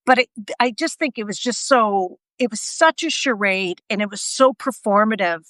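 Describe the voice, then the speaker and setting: A woman's voice: medium pitch, expressive, normal speed, a bit bright, no echo. A woman co-hosting a casual live conversation, talking in an emphatic, chatty way and checking her notes. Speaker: co-host.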